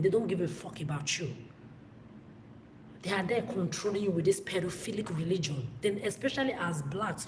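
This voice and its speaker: A woman rants straight into the camera, blunt, profane and angry, often tripping over her words and starting sentences again. Her voice sits fairly low for a woman. It bounces around a hard, echoey room, and a steady wash of background noise runs underneath. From West Africa. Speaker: vlogger. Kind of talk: ranting monologue to camera.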